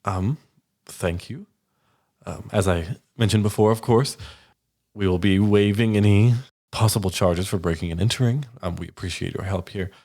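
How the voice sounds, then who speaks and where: A man voicing a tired noblewoman ruler who speaks formally, with sighs and measured pauses. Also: fairly low pitch, warm tone. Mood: weary formal.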